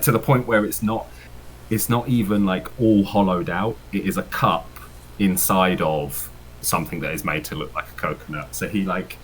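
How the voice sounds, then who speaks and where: Very deep-voiced man game master. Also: fairly bright tone, slight background noise, rough recording. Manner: rambling, laughs often, many fillers. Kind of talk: narrating a tabletop game.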